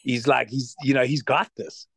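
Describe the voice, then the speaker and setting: A South African man talks in a relaxed, rambling way, full of fillers. His voice sits at an ordinary middle pitch. The recording is dry and close. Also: moderate pace, vocal fry, breathy edge, no echo. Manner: rambling, filler-heavy, easygoing. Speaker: podcast guest. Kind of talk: casual interview chat.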